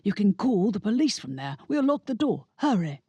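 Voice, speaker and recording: A woman's voice: medium pitch, very animated, moderate pace, mellow, husky, no echo. Woman voicing a jittery talking rabbit. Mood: urgent. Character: nervous talking male pet rabbit. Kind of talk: audiobook character voice.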